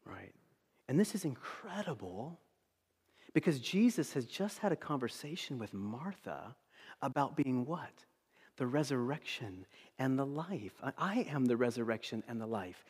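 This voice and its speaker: A man preaching a sermon. He talks in an animated way, swinging between loud emphasis and hushed tones. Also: mid-range voice, husky, long reverb tail. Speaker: pastor.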